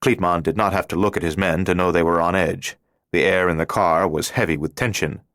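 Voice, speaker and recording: A man narrating a thriller audiobook in a steady, measured reading voice. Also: low-pitched, dry recording, clean studio sound. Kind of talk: scripted narration.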